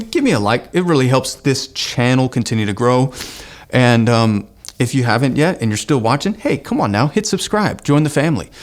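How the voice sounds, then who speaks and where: A man in his thirties teaches singing online, in an earnest and encouraging tone with a light lilt. His speaking voice sits at an ordinary middle pitch. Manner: earnest, encouraging, breaks into sung exercise demos. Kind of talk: online vocal lesson with sung demonstrations.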